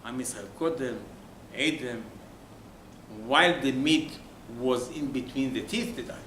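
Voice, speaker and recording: A man teaching a Torah lesson as a rabbi, retelling the text in a theatrical, animated way. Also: mid-range voice, a little slow, a little hiss or hum. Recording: echoey room with faint ambience.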